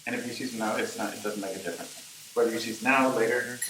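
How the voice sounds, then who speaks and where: A man's voice: fairly low pitch, fairly even intonation, fast talker, recorded from a distance, very noisy. A man hosting a casual cooking demonstration as a chef, talking loosely with jokes and asides. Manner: joking, loose, many ums and asides. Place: kitchen. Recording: roomy kitchen, mic set back, faint sizzle.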